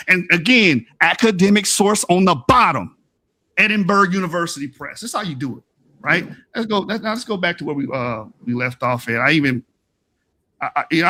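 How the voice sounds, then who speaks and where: A man's voice: high voice, sharp tone. A man giving a combative, emphatic debate rebuttal on an online stream, taunting his opponent as he argues. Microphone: online stream call mic.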